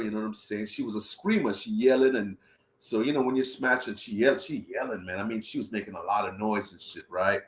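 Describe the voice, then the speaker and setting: A young man telling a travel story in casual, profane talk, acting out his own reactions as he goes. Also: on the high side. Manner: profane, animated retelling with voiced reactions. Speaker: travel vlogger. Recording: roomy echo.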